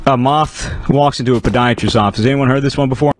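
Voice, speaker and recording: A man telling jokes casually over game voice chat in a rambling, deadpan way, with a headset mic. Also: mid-range voice, fast, loud music behind the voice. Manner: rambling, deadpan, with many restarts. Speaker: joke-telling storyteller.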